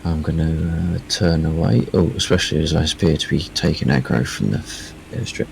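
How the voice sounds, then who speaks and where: A man with a very deep, gravelly voice makes dry, low-key remarks. A faint hiss runs under his speech. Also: a little fast. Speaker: stream guest. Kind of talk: casual gaming chat.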